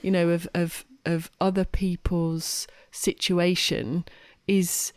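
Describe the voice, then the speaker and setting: A woman's voice: fairly low pitch, little pitch movement, slow pace. A woman co-hosting a podcast, talking in a rambling, emphatic way with frequent restarts. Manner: rambling, self-correcting, emphatic. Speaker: podcast co-host. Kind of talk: casual podcast chat.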